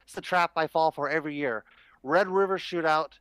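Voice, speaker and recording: Smooth-voiced man on a headset mic. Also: on the high side, a little fast, no echo, poor audio. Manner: relaxed, explains with many uh fillers. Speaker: sports betting co-host. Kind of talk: casual sports talk.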